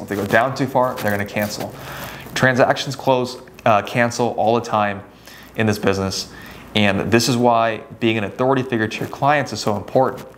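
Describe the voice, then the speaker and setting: A man's voice: fairly low pitch, a little hiss or hum. A young man, a real estate agent, giving casual advice and often checking in with "right?". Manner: conversational, with many "right?" tag questions and acted-out client dialogue. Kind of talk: casual talking-head advice.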